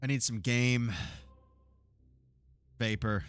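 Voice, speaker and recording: A man's voice: fairly low pitch, normal speed, a bit bright. A man from Texas chatting casually and cursing while streaming a game, laughing often. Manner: laid-back, profane, laughs often, jokey asides. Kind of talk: casual live gameplay chat.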